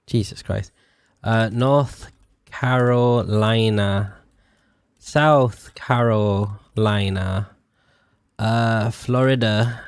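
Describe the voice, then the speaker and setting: A man's voice: medium pitch, fairly even intonation, drawn-out words, long pauses, clear, resonant tone, no room sound, clean studio sound. A young British man streaming a game in casual chat, self-mocking and sweary, stretching out words as he tries to spell them. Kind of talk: casual live-stream chat while playing.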